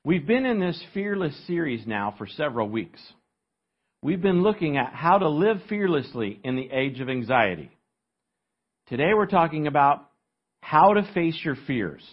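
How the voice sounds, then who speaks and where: A pastor, a man, preaches an emphatic sermon in a fairly high, husky voice that swings widely in pitch. He teaches from an outline and keeps asking his listeners to fill in the blanks. The recording is dull and lo-fi. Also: big pitch swings, moderate pace.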